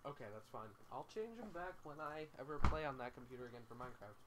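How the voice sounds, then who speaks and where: Casual male gamer, relaxed co-op banter, mid-range voice, bursts into yelps. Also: mid-range voice, quick pace, very noisy. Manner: laid-back, with sudden loud alarmed outbursts. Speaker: let's play gamer. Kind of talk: casual gaming chat.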